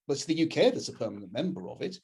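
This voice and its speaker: English male campaigner, husky voice, opinionated webinar talk over a video call. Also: fairly high pitch, sing-song, racing, darkish tone. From England. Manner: earnest and opinionated, with frequent restarts. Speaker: campaigns head speaking at a webinar. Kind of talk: political talk.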